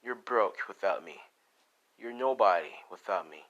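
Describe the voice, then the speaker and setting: A cruel, power-hungry hero father snarls low threats in a fan storytelling video, voiced by a man. The voice sits a little lower and heavier than a casual narrator's, with a hard, bullying edge. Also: expressive, moderate pace, fairly bright tone, highs cut off. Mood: menacing. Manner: menacing, growling threats. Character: brutal power-hungry middle-aged male hero father.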